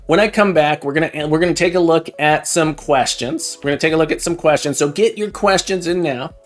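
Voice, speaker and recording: A man hosting a live coding stream, chatting excitedly and jokingly with viewers, often repeating words and restarting his sentences. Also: on the high side, a little fast. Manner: laughs often and jokes with chat. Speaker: livestream coding host. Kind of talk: casual live-stream chat while coding.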